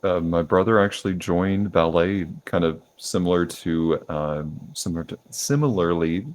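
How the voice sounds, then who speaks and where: A young man hosting a podcast, asking questions in a relaxed way with many ums and uhs. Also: deep voice, moderate pace. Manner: relaxed, lots of fillers like um and uh. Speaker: podcast host. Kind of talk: casual interview questions.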